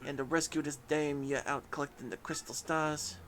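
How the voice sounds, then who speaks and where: A man's voice: fairly high pitch, fairly even intonation, moderate pace, a bit bright, natural voice. Mob boss, male, mock New York gangster accent, drawling and menacing, as a man puts him on, faint noise. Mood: scheming. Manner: drawling tough-guy threats.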